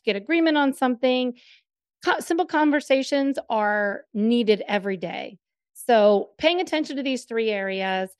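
A woman from the northern US co-hosting a podcast, chatting casually and quickly with frequent laughs. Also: a little high, clean tone, no echo, studio quality. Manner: quick, laughing, emphatic talk. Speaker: podcast co-host. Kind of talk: casual chat.

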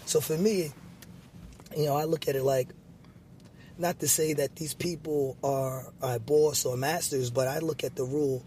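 Speaking as a guest in a casual chat, a man who works as a basketball referee explains things patiently and earnestly, often using "you know." His mellow, slightly high voice holds a steady tone at a moderate pace, with a little hiss or hum in the recording.

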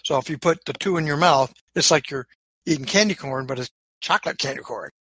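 A man co-hosting a podcast in casual chat, chatty and quick to laugh. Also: fairly high pitch, a bit bright, breathy edge, no room sound. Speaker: podcast co-host.

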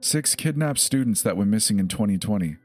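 A man voicing a female officer giving a brisk, factual report in a scary story. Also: lowish voice, expressive, a little mellow, soft background music, pitched above the performer's own voice. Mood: clinical.

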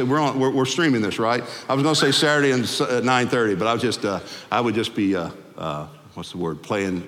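A male pastor delivers a sermon in a church sanctuary, his voice carried by a long hall reverb. He speaks at a middling pitch but swings it high and loud, then drops low and soft, whenever he acts out the people in his stories. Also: slight background noise. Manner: animated, acts out quoted people in shifting voices.

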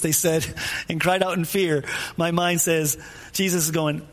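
High-voiced man preaching casually. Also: level tone, normal speed. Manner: informal, asks listeners questions directly; repeats phrases for emphasis. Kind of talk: conversational sermon.

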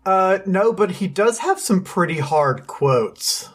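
A man in casual podcast chat about game lore, with a voice pitched a bit higher than most men's. He talks in a laid-back, easygoing way and teases his co-host. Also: expressive, takes it slowly, husky.

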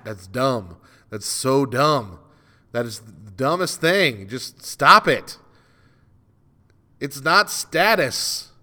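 A man's voice: on the low side, fairly bright tone, clean tone. Ranting male radio host. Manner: ranting, exasperated, self-mocking. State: dry throat. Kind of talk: solo morning show monologue. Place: radio studio.

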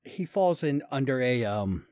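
A man's voice: mid-range voice, animated, measured pace, a little mellow, no room sound, studio quality. Man joking around in casual chat. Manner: joking, rambling, self-interrupting. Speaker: podcast co-host watching a movie.

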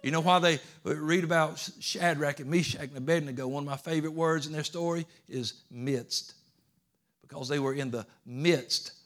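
A pastor preaching a sermon, telling a story that swings from hushed, low asides to emphatic, raised declarations. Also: male voice, moderate pace.

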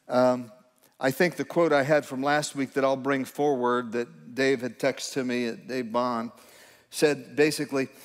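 Speaking at medium pitch in a large hall, a man gives a sermon in a church sanctuary. He addresses his congregation conversationally, with plenty of emphasis.

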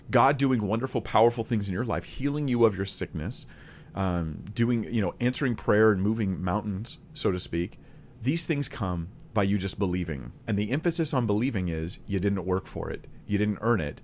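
A man with a fairly low voice leads a conversational Bible study. He talks earnestly and emphatically, circling back to hammer home his main points. A faint hiss sits under his voice. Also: expressive, normal speed. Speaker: Bible teacher.

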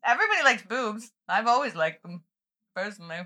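A woman's voice: on the high side, very animated, brisk, bright, forceful tone. A woman co-hosting a podcast, giggly and playful in casual chat. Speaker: podcast co-host.

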